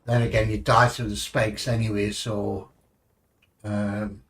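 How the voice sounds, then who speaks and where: Slow rambling English man gaming. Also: lowish voice, level tone, recorded from a distance. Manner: rambling, chatty, casually swearing. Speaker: streamer. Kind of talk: casual gaming commentary.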